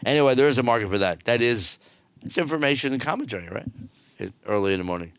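A man's voice: mid-range voice, animated, fast, fairly bright tone, clear, resonant tone, dry recording. A middle-aged man giving casual cruise news commentary, with wry, sarcastic asides. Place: on board a cruise ship.

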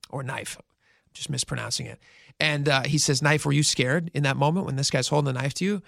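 A male radio host telling a news story in casual, animated talk and acting out the quotes. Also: medium pitch, a little fast, creaky, no room sound, clean studio sound.

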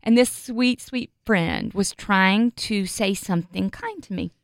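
A woman co-hosting a faith podcast, telling a personal story in an earnest, animated way. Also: mid-range voice, unhurried, vocal fry, no echo. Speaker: podcast co-host, radio morning show host.

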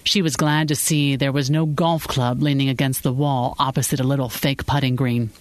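Measured audiobook narrator, dry sound. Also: mid-range voice, steady tone, no echo. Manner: measured storytelling. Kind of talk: scripted narration.

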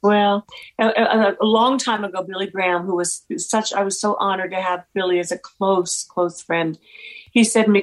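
A woman's voice: medium pitch, moderate pace, low-quality recording. A woman guest in an interview, telling faith stories earnestly and acting out the people she quotes. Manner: earnest, animated storyteller acting out quoted dialogue. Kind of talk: faith-focused interview storytelling.

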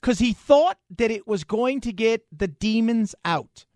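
Male talk show host with a high voice, animated and joking, on a dry studio mic. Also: a little slow, dry recording. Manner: animated, joking, restarts sentences. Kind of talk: casual talk radio commentary. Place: radio studio. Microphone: studio microphone.

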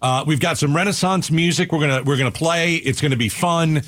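A man's voice: on the high side, fairly quick, no echo, clean studio sound. A male radio host in casual, emphatic talk. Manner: energetic, emphatic.

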